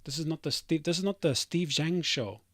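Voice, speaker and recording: A man's voice: on the high side, moderate pace, dry recording. A developer streamer talking casually to his chat, reading comments aloud with dismissive, rambling asides.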